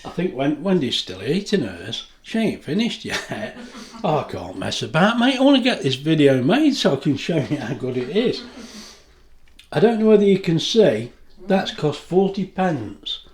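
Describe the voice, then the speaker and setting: Very animated and a bit high-pitched, a middle-aged man vlogs about food from his home kitchen at a moderate pace. He chats casually and homely to the camera, laughing often, and the room adds reverberation.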